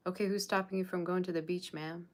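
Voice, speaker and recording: Speaking quickly in a low, flat voice, a tarot reader of Persian Russian heritage addresses her audience informally. With sassy bluntness, she chides viewers over their standards.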